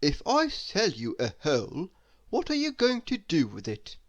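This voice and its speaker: A woman voicing a calm, clever, modest worm who speaks matter-of-factly in a storybook reading. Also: deep voice, measured pace, highs cut off, heavily acted.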